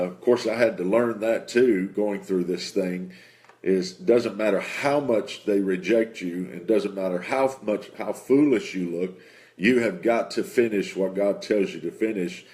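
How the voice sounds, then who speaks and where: Earnest low-voiced man telling a testimony. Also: darkish tone. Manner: earnest, conversational, exclaims "man". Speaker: Christian minister. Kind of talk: casual testimony storytelling.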